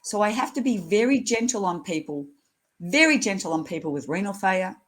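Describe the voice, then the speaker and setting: A woman's voice: mid-range voice, expressive, brisk. A woman in her sixties, a nurse educator speaking as an interview guest in a blunt, earthy way, often laughing as she tells stories. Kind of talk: casual interview chat.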